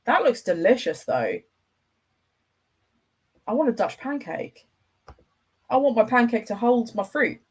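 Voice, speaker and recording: A woman's voice: a little high, very animated, measured pace, long pauses, darkish tone, husky. A woman hosting a livestream, chatting casually and enthusiastically with her viewers as she rambles from one thought to the next. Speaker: livestream host.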